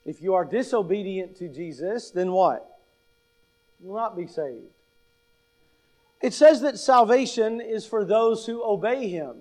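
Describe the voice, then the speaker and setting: Pastor, male, high voice, slow emphatic delivery, fond of rhetorical questions. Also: expressive, a little mellow. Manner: deliberate, stresses key words. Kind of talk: sermon.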